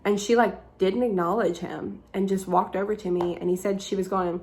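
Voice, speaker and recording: Chatty young woman with a gravelly voice. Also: medium pitch, fairly even intonation, normal speed, darkish tone. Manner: chatty, frequent "like" fillers, swearing. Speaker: vlogger. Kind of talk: casual storytelling.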